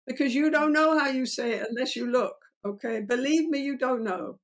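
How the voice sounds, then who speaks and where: An older therapist, a woman with a high voice, talks through her methods in an interview at a moderate pace. She gets animated and acts out lines spoken between client and therapist.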